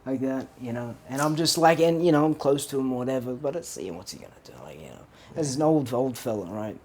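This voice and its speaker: Animated man telling stories. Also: mid-range voice, quick pace, slight background noise. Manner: animated storytelling, laughs often, swears casually. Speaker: podcast co-host. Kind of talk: casual chat.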